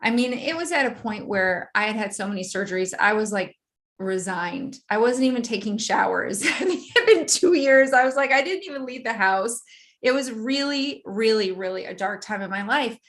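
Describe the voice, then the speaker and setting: As an interview guest, a woman tells a personal story vividly and with animation, frequently laughing. Her voice is fairly high and she speaks at a moderate pace.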